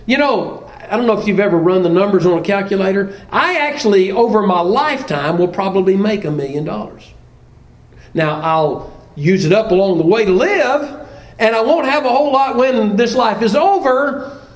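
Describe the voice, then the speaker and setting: Animated, high-pitched man preaching a sermon. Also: roomy sound, distant mic, low-quality recording. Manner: plainspoken, conversational, with restarts and rhetorical questions.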